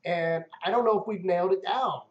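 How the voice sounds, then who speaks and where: A man with a high-pitched voice, talking a little fast, hosts a live stream and chats easily with viewers, calling them man and dude. The stream audio sounds muffled and roomy.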